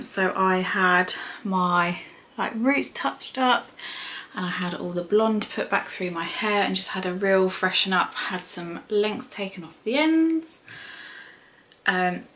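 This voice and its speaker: A woman's voice: mid-range voice, pushed and bright. A woman chatting casually to camera at home as a beauty and motherhood vlogger, filling her talk with ums and likes. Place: at home indoors.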